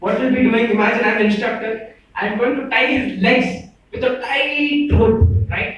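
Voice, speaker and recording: A man's voice: extremely high pitch, a little fast, fairly bright tone, faint music behind. A twenty-one-year-old man from Bangalore with an Indian English accent, giving a joking, informal speech to friends and tagging his sentences with "right?". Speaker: speaker addressing friends. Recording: echoey room, voice from far off.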